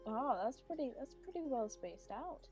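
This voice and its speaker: A nosy female moth-folk adventurer, played by a woman at a tabletop game, prying into someone's family with teasing curiosity. The voice sits fairly high and swoops lively up and down. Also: moderate pace, soft background music. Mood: inquisitive. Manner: inquisitive, teasing.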